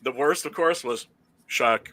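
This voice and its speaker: A man's voice: mid-range voice, a little slow. A man chatting casually about movies, swearing freely, laughing often and filling his talk with "uh" and "like". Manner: animated, profane, laughing storyteller with many fillers. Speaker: podcast host.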